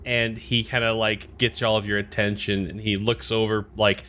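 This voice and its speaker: A man's voice: on the low side, level tone, moderate pace, fairly bright tone. A man narrating as game master in a loose, casual way with many fillers.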